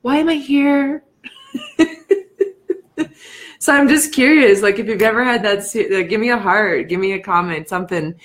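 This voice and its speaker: Woman coach, casual home live stream, reflective and emotional, lots of "like" and soft laughs. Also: moderate pace, pauses often. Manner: greets viewers in a bright, high lift. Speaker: life coach and speaker. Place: at home in the evening.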